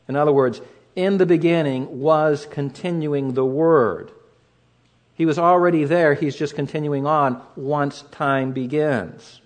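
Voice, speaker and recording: Man preaching a measured Bible teaching. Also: medium pitch. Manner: measured teaching delivery, slows to stress key phrases. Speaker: pastor. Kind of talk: sermon.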